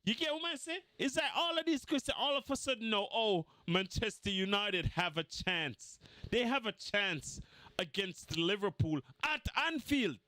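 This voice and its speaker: A man rants about football in a high, wildly swinging voice. He mocks his rivals and hammers the same points again and again. The sound is close and dry, with no room around it. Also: normal speed, no echo. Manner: animated, mocking, repeats points for emphasis. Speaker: football fan vlogger. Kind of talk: heated football fan rant.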